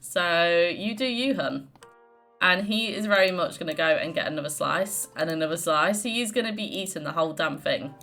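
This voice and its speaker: Woman hosting a game let's play, chatty and giggly, lowish voice, faint music behind. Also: expressive, moderate pace, fairly bright tone. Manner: chatty, giggly, lots of fillers. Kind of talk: casual gameplay commentary.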